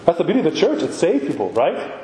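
Male priest, casual sermon delivery with rhetorical asides; higher-pitched, roomy reverberant hall. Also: wildly swooping pitch, fast, dark tone. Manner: conversational, rhetorical "right?" asides. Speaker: Orthodox priest. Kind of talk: informal sermon talk. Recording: echoey hall with long reverb.

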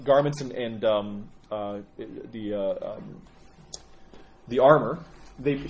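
A middle-aged man leads a storytelling lesson and retells a saint's legend in an animated way, with many fillers. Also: mid-range voice. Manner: animated, with frequent fillers and restarts. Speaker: religious teacher.

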